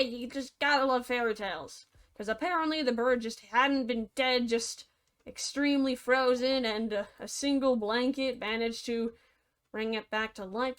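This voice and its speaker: A woman's voice: on the high side, moderate pace, clean tone. Sarcastic young woman narrating a fairy tale. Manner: sarcastic, playful, mock-cheerful. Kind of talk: comedic storytelling over a game video.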